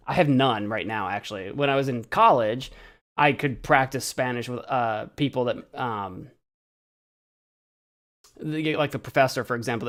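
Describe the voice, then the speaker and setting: Chatty young man streaming, slightly high. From central Illinois, US. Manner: chatty, self-deprecating, stumbles over Spanish words. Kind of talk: casual live-stream chat.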